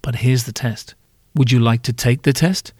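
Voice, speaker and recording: A man's voice: mid-range voice, steady tone, normal speed, darkish tone, no echo. A man hosting a podcast, delivering a scripted comic monologue in a wry, self-mocking way with casual swearing. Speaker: podcast host.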